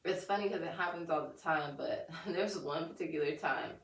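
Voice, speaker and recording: A young woman with a lowish voice, chatting candidly and laughing easily about parenting. She sits back from the mic, and the room adds a hollow echo around her words. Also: fairly quick, vocal fry. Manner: candid, laughs often, acts out her toddler's voice. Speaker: podcast co-host. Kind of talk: casual podcast chat. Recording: echoey room, distant mic.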